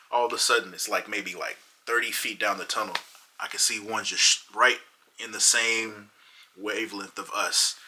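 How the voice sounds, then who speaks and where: A man telling a funny personal story in a casual, animated way. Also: lowish voice, low-quality recording. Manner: animated, dramatic retelling. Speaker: vlogger.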